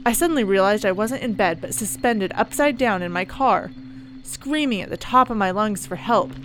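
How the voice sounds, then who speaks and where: A woman's voice: mid-range voice, moderate pace, natural voice. Woman reading as a tired middle-aged male counselor, sardonic, first-person horror story narration, music behind. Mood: shaken.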